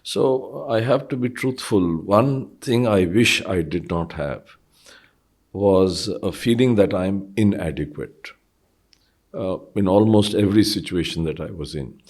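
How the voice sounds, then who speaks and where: Thoughtful older man, low voice. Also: a little slow, darkish tone. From India. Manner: thoughtful, hesitant, many fillers. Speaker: guest. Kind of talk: reflective interview conversation.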